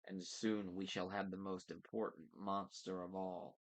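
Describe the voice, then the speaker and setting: Guy reading a book doing a slow creepy gloating monster vice principal, lowish voice. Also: level tone. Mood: gloating menace. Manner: slow, deliberate, mocking.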